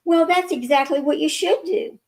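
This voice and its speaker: A woman's voice: very high-pitched, moderate pace, voice pushed up. Woman reading as a sweet young receptionist. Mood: warm soothing. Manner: warm, soothing, fussing.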